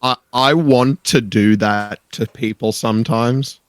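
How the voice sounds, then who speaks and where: Aussie guy on breakfast radio, talks slow, hesitant, lots of ums. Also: mid-range voice, clean tone, dry recording. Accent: Australian. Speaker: radio co-host. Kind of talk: casual breakfast show banter.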